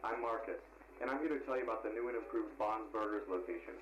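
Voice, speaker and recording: A man voicing an upbeat 1970s fast-food ad announcer with a peppy salesman delivery over a jingle. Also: on the low side, over music, close to an everyday voice, rough recording. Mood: salesy. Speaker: announcer in a burger restaurant ad. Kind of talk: retro commercial voice-over.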